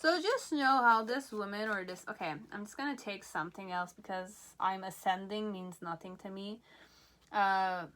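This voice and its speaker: A woman giving a pick-a-card tarot reading, excitable, often checking in with "okay?" and a bit out of breath. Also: mid-range voice, moderate pace. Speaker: tarot reader.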